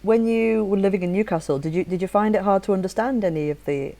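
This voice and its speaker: A woman in her thirties with a softened northern English accent, hosting a casual podcast chat in an animated, swearing, restart-filled way. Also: mid-range voice, quick pace. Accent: softened northern English, near-neutral British. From northern England. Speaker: podcast host.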